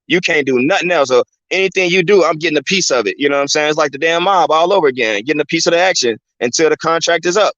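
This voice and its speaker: A man's voice: fairly high pitch, fast talker, few pauses, a bit bright, no room sound. Brief: casual male host, slightly raised voice, dry and muffled lo-fi recording. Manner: loose and conversational, keeps saying "you know what I'm saying". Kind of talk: casual commentary monologue. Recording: dry, dull lo-fi sound.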